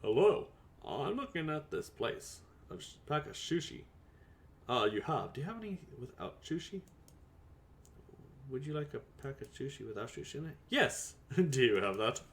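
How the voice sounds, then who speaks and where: A man voicing an eager shop customer in a game, with loud, bright, overeager asking. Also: mid-range voice, very animated, moderate pace, vocal fry.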